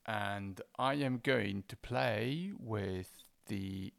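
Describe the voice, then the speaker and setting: A man's voice: fairly low pitch, very slow, vocal fry, a bit bright. A man reviewing audio gear, plainly demonstrating each setting step by step. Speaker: product reviewer. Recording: echoey reverb effects.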